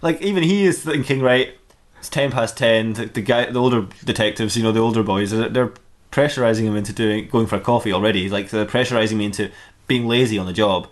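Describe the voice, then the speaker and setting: A man's voice: on the low side, quick pace. A man casually reading and ad-libbing a comic fan-fiction story, rambling and laughing at his own jokes.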